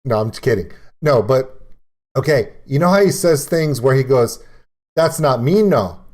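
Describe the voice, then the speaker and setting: A man's voice: medium pitch, animated, moderate pace, darkish tone. A man from Louisiana with a Cajun accent, chatting through a casual reaction stream and laughing often. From Louisiana, Lafayette area. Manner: chatty, laughs often, explains with many "okay"s.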